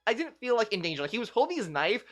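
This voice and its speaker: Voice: medium pitch, big pitch swings, rapid-fire. A young adult game streamer chatting casually with viewers on a livestream, telling a rambling story full of "like" fillers.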